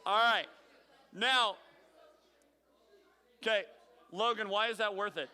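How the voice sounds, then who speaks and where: A bright, forceful youth pastor with a high voice leads a game for teens in a big hall. His voice rings out with a long reverb, and he teases the kids by name as he calls on them. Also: takes it slowly, clear, resonant tone, a faint crowd. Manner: upbeat, calls on teens by name, playful teasing. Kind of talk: leading a youth group game. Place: large hall with audience.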